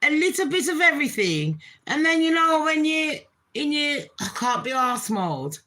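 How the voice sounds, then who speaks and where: A woman's voice: high-pitched, sing-song, moderate pace, sharp tone, low-quality recording. A woman chatting casually to her channel, swearing freely and laughing often. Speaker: channel host. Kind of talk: casual chat vlog.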